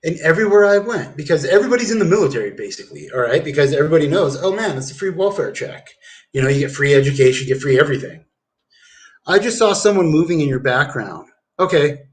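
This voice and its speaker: A man's voice: a little high, lively intonation, fast talker. A man ranting on a livestream, rambling and swearing, tacking "dude" onto his sentences. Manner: rambling, profane, keeps saying dude. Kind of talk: casual livestream rant.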